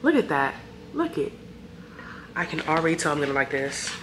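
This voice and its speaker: A woman's voice: low-pitched, big pitch swings, normal speed, roomy sound, noisy background. A young woman vlogger, chatting playfully and directly to her viewers. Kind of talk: casual sponsored vlog chat.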